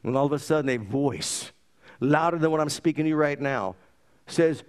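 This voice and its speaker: This middle-aged pastor's smooth voice is on the high side, at normal speed. In his sermon he lively recounts his own story and cites scripture.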